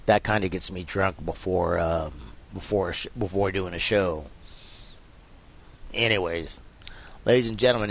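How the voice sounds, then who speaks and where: A man's voice: lowish voice, dull audio, slight background noise. A man hosting a live-streamed wrestling video game, commentating in a rambling, jokey, off-the-cuff way. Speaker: host and commentator.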